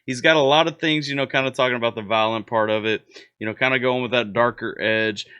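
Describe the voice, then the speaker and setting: A man's voice: mid-range voice, steady tone, quick pace, sharp tone, clean tone, highs cut off. A man hosting a music reaction video, giving a casual, constructive review. He talks in a rambling way, with many fillers and repeated words. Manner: constructive, coaching tone.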